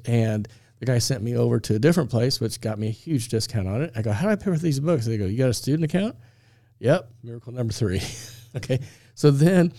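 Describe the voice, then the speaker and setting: Mellow-voiced man telling a story. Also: medium pitch, no echo, clean studio sound. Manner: animated, stops often with "okay?" to check in with listeners; acts out the dialogue of the people in his story. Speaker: podcast host. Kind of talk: conversational storytelling.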